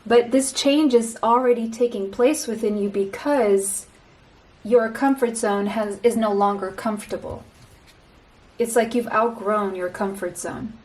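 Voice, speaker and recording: A woman with a slightly high voice gives a pick-a-card tarot reading. She talks straight to the listener, slow and reassuring, and often circles back to repeat a phrase. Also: darkish tone, poor audio.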